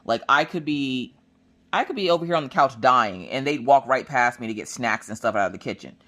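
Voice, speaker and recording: A woman crafting vlogger chatting casually, telling family stories with lots of restarts and acted-out voices. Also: a little fast. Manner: animated, acts out family members in shrill high voices; chatty, with many restarts and "look, listen". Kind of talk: casual storytelling chat.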